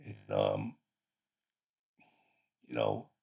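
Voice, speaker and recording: A man's voice: very deep voice, very animated, very slow, vocal fry, mellow, slightly rough. A man from Chicago casually telling a personal story, rambling and profane with many restarts. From Chicago, USA.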